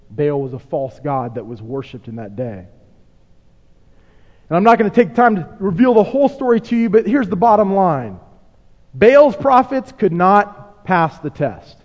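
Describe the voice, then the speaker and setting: A man preaching with a high, swooping voice, acting out quotes with drama and turning often to rhetorical questions. His voice carries a long hall reverb and sounds slightly muffled. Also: darkish tone. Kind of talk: sermon.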